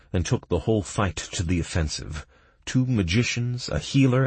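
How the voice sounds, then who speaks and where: A man with a deep, husky voice reads a first-person fantasy game audiobook. He tells the battle at a steady pace, and his dry, close sound has no room around it. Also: no echo. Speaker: audiobook narrator.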